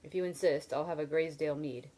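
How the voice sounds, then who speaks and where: A woman's voice: sits low, steady tone, fast talker, mellow. A woman reading the lines of a brash, outspoken young male student in an audiobook-style reading. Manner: indignant, outspoken.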